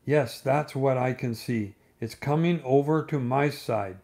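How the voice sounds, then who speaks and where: A man voicing a gentle, simple-minded teddy bear in a bedtime storybook reading, soft and hesitant. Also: medium pitch, unhurried, vocal fry.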